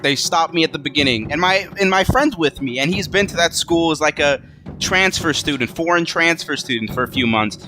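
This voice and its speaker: A man, a vlogger, telling a casual story to the camera in an animated, profane, self-mocking way. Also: a little high, a little hiss or hum.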